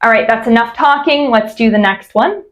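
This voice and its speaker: A woman coaching vocal exercises, explaining clearly and demonstrating glides. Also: fairly high pitch, normal speed, lo-fi sound. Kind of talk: instructional voice exercise lesson.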